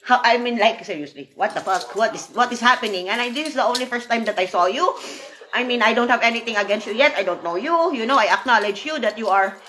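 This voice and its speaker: High-voiced woman venting emotionally. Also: fast, background noise. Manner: emotional, repeats herself, frequent "you know". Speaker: former apprentice. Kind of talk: emotional personal vlog monologue.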